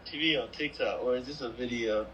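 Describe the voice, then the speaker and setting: A man from New City, laid-back and high, talking to a stranger on a video chat. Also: fairly quick, a bit bright, slight background noise, poor audio. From New York City.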